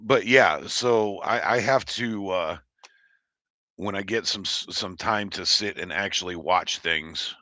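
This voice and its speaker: A man from Oregon hosts a livestream, his low voice bright and forceful at a slow pace, recorded with no echo. He chats casually and reads the chat aloud, rambling in a blunt, profane way.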